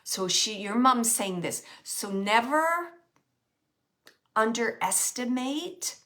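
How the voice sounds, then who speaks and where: A woman giving a spiritual reading as a medium, gently relaying messages and pausing often to search for words. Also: on the high side, lively intonation. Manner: halting, searching for words, many pauses and fillers. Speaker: psychic medium.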